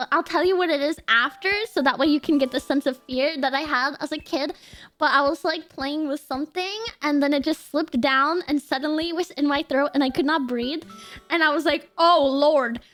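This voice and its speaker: High-voiced young woman telling stories. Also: moderate pace. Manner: animated storytelling, laughs often. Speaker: streamer. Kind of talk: casual chat.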